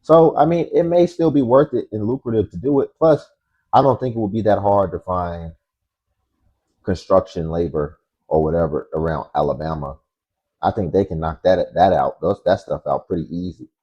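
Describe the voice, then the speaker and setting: A man's voice: low voice, moderate pace, highs cut off. A man reacting to clips with blunt, matter-of-fact commentary as host.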